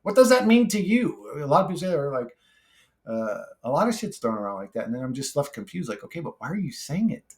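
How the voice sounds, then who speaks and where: A man's voice: fairly high pitch, very animated, quick pace. Blunt, cursing man talking off the cuff. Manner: blunt, swears freely, rambling with restarts. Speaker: YouTuber reading comment replies. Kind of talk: casual monologue.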